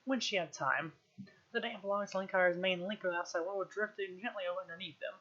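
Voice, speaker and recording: A woman reading a novel aloud on a live stream, at a quick pace and with frequent throat-clearing. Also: medium pitch, a bit bright, lo-fi sound. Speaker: reader, streamer.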